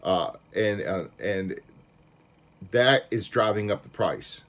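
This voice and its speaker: A man's voice: lowish voice, expressive, slow pace, fairly bright tone. A man ranting to camera as a record collector, fired up and frustrated, with many restarts and mild cursing. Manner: fired-up, repetitive restarts, swears mildly. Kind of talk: casual rant to camera.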